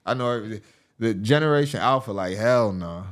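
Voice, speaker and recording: A man hosting a show, giving casual, joking commentary over video clips in an animated way and often laughing. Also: lowish voice, brisk. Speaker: host.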